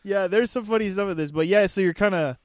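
A man's voice: high voice, fast talker, dry recording, studio quality. A man co-hosting a podcast, chatting casually about a movie, laughing often and restarting his sentences. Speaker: podcast co-host. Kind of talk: casual movie review chat.

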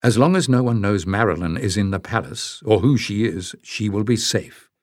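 A man reading a storybook voicing a tactful, secretive young man who speaks softly and reflectively. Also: fairly low pitch, moderate pace, no echo, studio quality, natural voice. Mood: brooding. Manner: soft, reflective.

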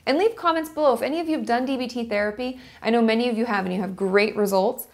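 A woman's voice: on the high side, quick pace. A woman talking casually to her camera, explaining step by step and checking her notes as she goes. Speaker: vlogger. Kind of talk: casual teaching monologue to camera.

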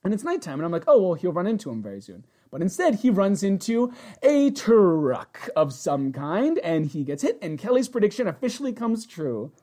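A woman's voice: fairly low pitch, normal speed. A woman co-hosting a casual chat, recapping episodes and acting out the characters' lines. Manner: animated, acts out characters' lines. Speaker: podcast co-host.

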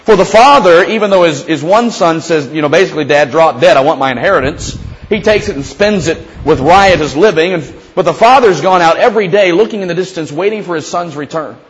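A man's voice: sits high, fairly quick, few pauses, slight background noise, low-quality recording. A man preaching a sermon as a pastor in a conversational, storytelling way, often acting out the prayers he quotes. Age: young adult or middle-aged father.

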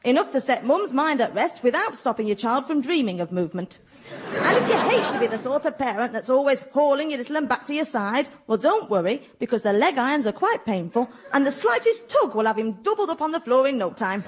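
An actress playing a callous older female child-safety pundit in a radio comedy sketch, blunt and deadpan. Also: high-pitched, a little fast, slightly rough, heavily acted. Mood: brisk.

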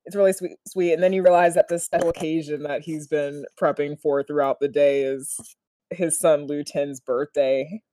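A young woman recapping a TV episode in casual chat, laughing often and gushing with animated delight. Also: sits low, moderate pace, no room sound, clean studio sound.

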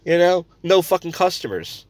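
A man's voice: high-pitched, big pitch swings, normal speed, a little mellow, no echo. A man hosting a comedy podcast, ranting crudely and rambling between stories. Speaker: podcast host.

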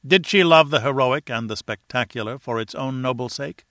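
An audiobook narrator reads a classic adventure novel in the first person, with an earnest, dramatic lilt. His voice is bright and forceful, medium-pitched and at normal speed, recorded dry and close to the mic with no room sound.

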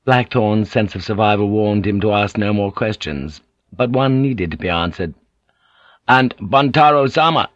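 A man in scripted narration, reading an audiobook in a measured, even way. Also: fairly low pitch, no echo. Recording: dull lo-fi audiobook recording.

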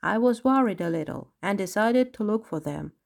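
Woman reading as a distressed lion parent, sobbing quietly, storybook voice. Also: mid-range voice, expressive, normal speed, gravelly. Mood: worried.

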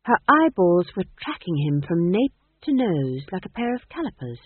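Woman narrating in a tinny, lively voice. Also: lowish voice, normal speed, slightly rough, dry recording. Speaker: audiobook narrator. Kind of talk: scripted narration. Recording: tinny phone-like dry sound.

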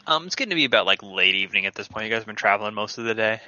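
A man running a tabletop game and narrating in a loose, chatty way, full of "um"s. His voice is bright and dry. The recording sounds dull and lo-fi. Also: on the low side, expressive, very fast, no room sound. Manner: casual, laughing, filler-heavy narration. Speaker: game master.

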